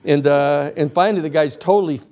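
A male lecturer telling a long story to a class in a rambling, animated way full of "you know" and "uh". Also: on the high side, fairly quick.

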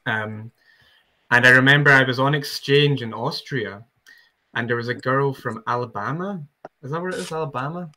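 Bright-voiced Scottish man, rambling host. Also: medium pitch, normal speed. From Scotland. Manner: rambling, self-deprecating, fond of accents. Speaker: podcast host. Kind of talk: casual chat.

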